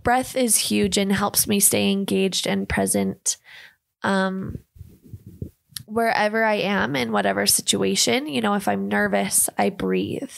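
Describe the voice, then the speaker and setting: A woman's voice: medium pitch, steady tone, a little slow, creaky. A woman co-hosting a podcast, a fitness trainer who earnestly talks listeners through breathing techniques in casual chat.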